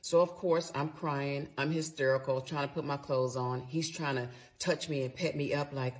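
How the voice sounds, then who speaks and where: A woman's voice: rumbling low, steady tone, normal speed. A middle-aged woman telling a personal story in a candid, conversational way, swearing freely as she replays her side of the argument.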